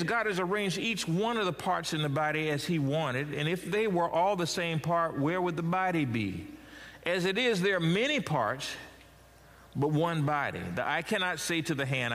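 A middle-aged man preaching a sermon as pastor, swinging his pitch and loudness widely as he talks. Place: church sanctuary. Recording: church hall with long reverb.

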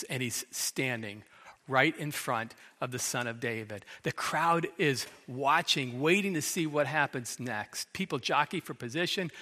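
Delivering a sermon in a fairly high, sharp voice, this middle-aged pastor dramatizes the story and performs each quoted line, his words trailing into long hall reverb.

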